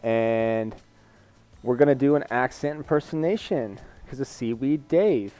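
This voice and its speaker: A man's voice: mid-range voice, a little slow, mellow, clear, resonant tone, no echo. Male streamer, casual candid rambler, dry sound, faint music bed. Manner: rambling, candid, reads chat aloud. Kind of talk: casual live-stream chat.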